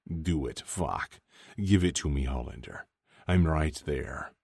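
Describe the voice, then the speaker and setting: A man voicing a blunt, teasing male hockey player, speaking low and quiet in an audiobook. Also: takes it slowly, husky, dry recording, full character voice. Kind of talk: audiobook character voice.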